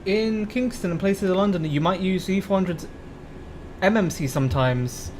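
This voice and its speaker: A man's voice: high voice, normal speed, darkish tone, slight background noise. A man streaming a bus-driving game, chatting casually and rambling as he answers viewer questions. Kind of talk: casual live-stream commentary.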